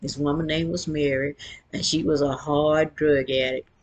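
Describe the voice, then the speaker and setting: A woman's voice: low-pitched, steady tone, moderate pace. A woman in her sixties telling her own life story in a frank, earthy, conversational way. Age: 60s. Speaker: vlogger and author. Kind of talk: casual personal storytelling.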